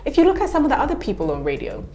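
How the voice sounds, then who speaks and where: A woman's voice: high voice, very fast. A woman with a British London accent, a TV host and actress chatting frankly as a guest. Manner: frank, animated storyteller. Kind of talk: casual chat.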